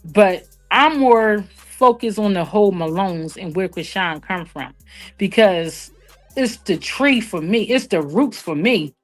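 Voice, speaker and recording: A woman's voice: mid-range voice, lively intonation, unhurried, faint music behind. A woman hosting a live commentary stream, talking casually and directly to her viewers. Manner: chatty, addresses viewers directly.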